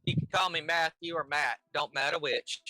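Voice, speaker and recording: A man voicing a blunt male dwarf blacksmith with a gruff country accent. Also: a little high, moderate pace, sharp tone, no echo, soft background music.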